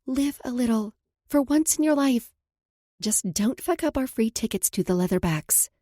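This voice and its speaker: A bubbly, teasing best friend in an audiobook romance, read by a woman, voiced higher and excitable, with a husky, mellow edge. The sound is dry and close. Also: moderate pace, no echo. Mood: excited.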